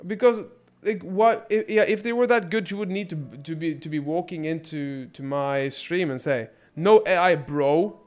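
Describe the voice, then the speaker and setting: Male streamer, raised-pitch voice, rambling sarcastic commentary, faint music behind. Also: fairly even intonation, normal speed, darkish tone. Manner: rambling, crude and sarcastic, many restarts. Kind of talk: casual gameplay commentary.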